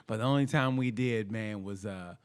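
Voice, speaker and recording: A man in his fifties, co-hosting a comedy podcast, telling childhood stories in a profane, animated way with sound effects. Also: on the low side, normal speed, smooth. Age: 50s. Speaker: podcast co-host. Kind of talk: casual comedic storytelling.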